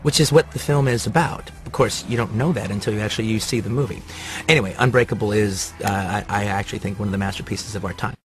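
A man's voice: lowish voice, quick pace, soft background music. A man giving casual film-ranking commentary in an enthusiastic, rambling way.

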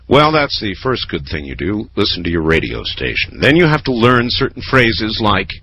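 A man's voice: fairly low pitch, normal speed, hardly any pauses, a little hiss or hum, low-quality recording. A man hosting a late-night call-in radio show, chatting easily with callers. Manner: relaxed, chatty, lively phrasing. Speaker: radio talk show host.

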